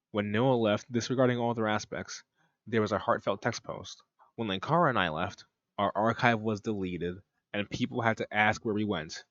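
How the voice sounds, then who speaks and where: A man's voice: lowish voice, dry recording, lo-fi sound. A man reading a document aloud and reacting with profane, mocking asides in casual commentary.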